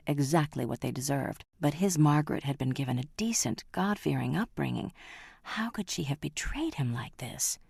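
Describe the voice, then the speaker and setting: Audiobook narrator: woman, very deep, dry, dramatic and measured. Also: gravelly, dark tone, no echo.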